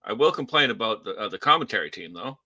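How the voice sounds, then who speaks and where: Bright Boston man, halting casual chat. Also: lowish voice, expressive, dry recording. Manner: halting, many restarts, wry complaints. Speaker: podcast co-host.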